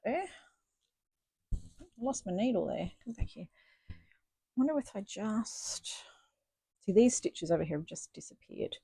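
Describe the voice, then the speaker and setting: A woman's voice: medium pitch, lively intonation, a little slow, gravelly, pauses often, dark tone, husky, no room sound. A woman chatting casually and thinking aloud as she stitches in her home craft studio, self-deprecating and chatty. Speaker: stitching vlogger. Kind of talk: casual chat while stitching.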